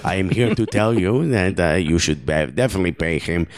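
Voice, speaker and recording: A man putting on a smug, hammy fake French accent and a deeper voice to play a male footballer who is blackmailing someone. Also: lively intonation, fairly quick, no echo.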